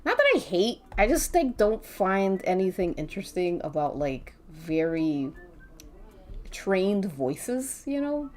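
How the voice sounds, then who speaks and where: A woman's voice: medium pitch, sing-song, slow pace, darkish tone. A woman streamer chatting casually while she draws, rambling, swearing offhandedly, giggling and humming to herself. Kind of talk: casual live-stream chat while drawing. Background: faint background music.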